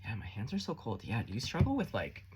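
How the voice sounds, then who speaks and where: Husky, animated man. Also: mid-range voice, fast talker. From Canada. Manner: animated, chatty, swearing, encouraging. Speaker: tarot reader. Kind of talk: casual tarot reading.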